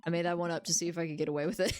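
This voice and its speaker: A woman's voice: fairly low pitch, darkish tone. A young woman streamer giving casual, joking game commentary, giggling often and swearing freely, over faint music.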